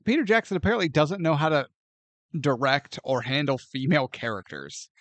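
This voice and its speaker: Animated, lively man reviewing a movie. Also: on the high side, fairly quick, no echo. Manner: animated and joking, often laughs and acts out scenes. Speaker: podcast co-host. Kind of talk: casual movie review chat.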